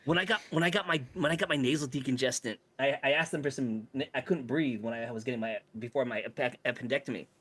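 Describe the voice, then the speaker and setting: A man's voice: mid-range voice, fast talker, few pauses, fairly bright tone. Blunt, indignant man. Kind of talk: casual chat.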